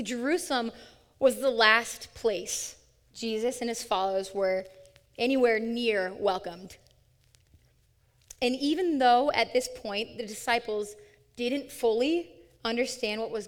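A woman with a fairly high voice leads a sermon before a live audience. She is upbeat and playful, coaxing listeners to join in. Her words trail off in the long reverb of a large hall. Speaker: young adult ministry speaker. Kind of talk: interactive sermon.

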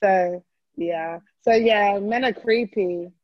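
A woman, co-hosting a casual chat and telling a story in a relaxed way, full of slang. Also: medium pitch, takes it slowly, muffled recording. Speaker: podcast co-host.

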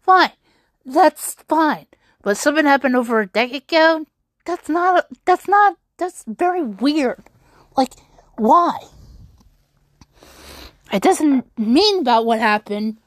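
A woman's voice: high voice, expressive, takes it slowly, long pauses, dry recording. A young woman telling an upsetting personal story on her vlog, rambling with many restarts and fillers. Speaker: YouTuber.

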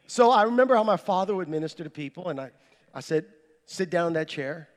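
A man preaching a sermon, telling a personal testimony with animated storytelling and reenacting what he said. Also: high voice, fast talker. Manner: animated storyteller, reenacts his own words. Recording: echoey hall with long reverb.

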